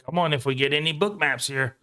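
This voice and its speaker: A man hosting a live trading session from home, thinking out loud about each trade in an excitable, casual way with the odd swear. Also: on the high side. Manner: excitable, talks fast to himself while trading, swears casually.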